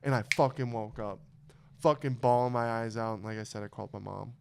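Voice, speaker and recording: A man's voice: medium pitch, fairly quick, creaky, a little hiss or hum. A young man hosting a podcast, telling emotional personal stories in casual chat with lots of swearing. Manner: emotional storytelling, heavy swearing. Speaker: podcast host.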